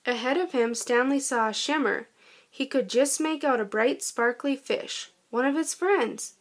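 A woman reading a children's storybook aloud in a gentle, expressive way. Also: high-pitched, moderate pace. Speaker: storybook narrator.

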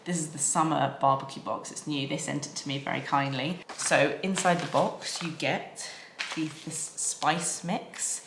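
A woman in her thirties chatting excitedly to her camera at home, her talk full of "like" fillers. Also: deep voice, unhurried, creaky. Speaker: lifestyle vlogger. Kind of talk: casual vlog chat to camera. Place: home, kitchen and upstairs rooms. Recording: roomy home audio with background noise.

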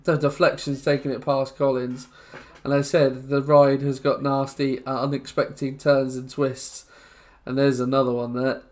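This young English YouTuber commentates casually on a football game, unhurried but hardly ever pausing as he rambles. His mid-pitched voice drops into glum muttering or jumps into loud excitement with each swing of the match.

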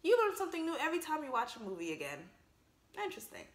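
A young woman giving casual, joking movie commentary in an emphatic, animated way. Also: high voice, very fast, roomy sound, very noisy. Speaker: vlogger reacting to a film.

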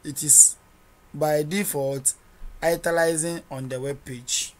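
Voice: medium pitch, fairly even intonation, a little slow. A coding instructor talking through a screen-recorded tutorial, narrating each edit step by step and quizzing listeners with rhetorical "what?" questions.

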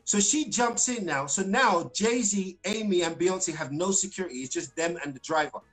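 A British singer telling stories as a guest in a casual live-stream interview, animated and full of fillers, restarts and acted-out quotes. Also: male voice, sits high, moderate pace, faint music behind, low-quality recording. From Britain.

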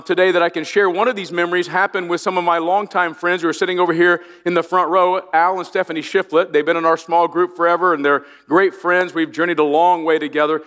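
A man's voice: sits high, fairly bright tone. A middle-aged man from Indiana, preaching a sermon with storytelling asides, self-deprecating humor and frequent restarts. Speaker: pastor. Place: large church auditorium. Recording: long reverb of a large church.

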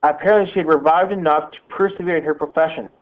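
Male teacher narrating a novel, steady and plain, slightly high, phone-line sound. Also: quick pace. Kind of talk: reading a novel aloud.

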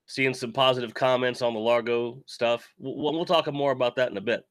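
A man's voice: medium pitch, steady tone, a little fast, no echo, clean studio sound. A man hosting a casual toy-collecting live stream, with a sick voice while he recovers from covid, rambling and joking as he reads chat. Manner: rambling, self-deprecating, reads chat aloud. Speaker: toy channel host.

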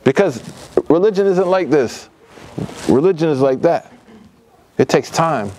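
Animated man giving a casual youth lecture. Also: fairly high pitch, measured pace, slight background noise. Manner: lively and casual, street slang, acts out quoted voices. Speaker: lecturer at a youth study circle. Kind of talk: informal religious lecture to youth. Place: mosque hall, live audience.

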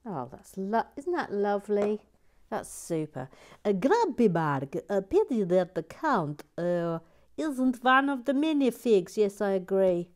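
A woman's voice: mid-range voice, big pitch swings, a little slow. A woman hosting a building stream in casual chat. She reads out viewer comments, repeats words to herself fondly, and often drops to a near whisper. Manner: soft-spoken, often drops to a murmur or whisper, then perks up. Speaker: host building a toy set on a live stream.

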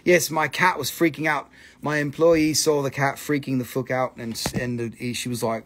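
A man's voice: mid-range voice, normal speed, slight background noise. A man hosting a live mineral sales stream, chatting casually with viewers and swearing freely while he jokes. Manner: excitable, profane, joking with viewers. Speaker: host selling minerals on a livestream.

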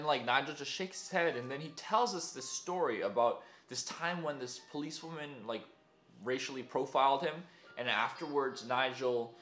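A young vlogger tells a story in a casual, self-deprecating way, packed with fillers. His medium-pitched voice has a sharp tone, and the room is echoey with faint music behind him.

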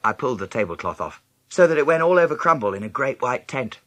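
Guy reading a kids' book out loud, pitch bouncing all over, bright and a bit breathy, dry close sound. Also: fast talker, dry recording. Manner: lively storytelling, jumping high in pitch for other characters' lines. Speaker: audiobook narrator. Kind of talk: scripted first-person narration of a children's novel.

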